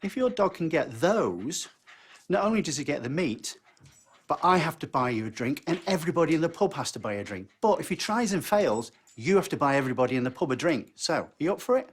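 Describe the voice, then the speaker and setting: A man doing a husky scheming bartender. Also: on the high side, very animated, brisk, voice pushed up. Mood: challenging.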